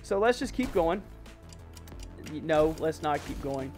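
Male gaming host, higher register, exclaiming through play over faint game music. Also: a little slow. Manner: excitable, exclaiming, mild self-censored oaths. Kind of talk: let's play commentary.

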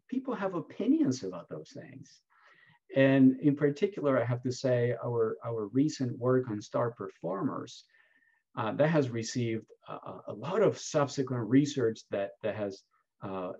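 A husky, medium-pitched man gives a keynote as an award speaker, answering questions with lively, emphatic storytelling. The audio is dull and lo-fi, like a video call.

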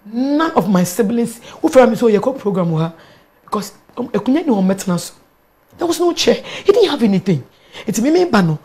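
A woman with a Ghanaian accent, a guest telling her own story in an interview, animated and quick to laugh, mixing local words into her English. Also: a little high. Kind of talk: candid personal storytelling in an interview.

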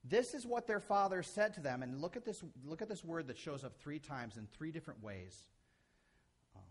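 A middle-aged man preaching a sermon as a pastor, animated, acting out quotes and shifting from loud to soft. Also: fairly high pitch, breathy edge.

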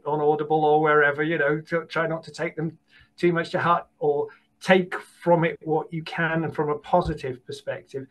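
A British man speaks as a guest on a narration podcast. He talks in an animated, encouraging way and often repeats and restarts words. His voice sits slightly high for a man. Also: low-quality recording. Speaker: audiobook casting producer, guest. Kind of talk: conversational interview advice.

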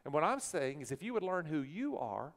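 Pastor, fairly high-voiced man, preaching with big swings in loudness, long hall echo. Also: a little fast. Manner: animated preacher, swings from soft to loud. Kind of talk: sermon. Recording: long church hall reverb.

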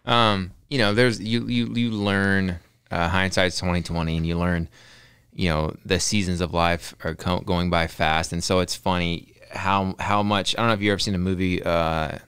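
A man's voice: sits low, steady tone, normal speed, fairly bright tone, smooth, no echo, studio quality. A man, talking earnestly as a podcast guest, often repeating words while he thinks and adding "right?". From Texas. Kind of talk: casual podcast interview.

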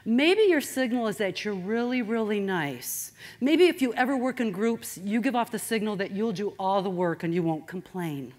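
A woman giving a motivational talk, animated and straight-talking. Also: mid-range voice, normal speed, few pauses. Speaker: speaker.

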